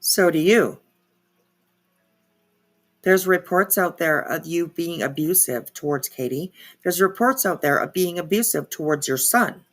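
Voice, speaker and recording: A woman's voice: lowish voice, animated, measured pace. A woman hosting reaction commentary, sarcastic and opinionated. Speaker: commentary channel host.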